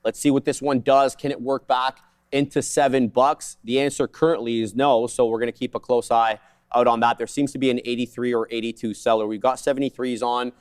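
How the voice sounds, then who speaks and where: Man, live trading co-host, quick market jargon, dry close mic. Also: mid-range voice, level tone, clean tone, no echo. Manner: fast jargon-filled trade calls, joking asides. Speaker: day trading show co-host.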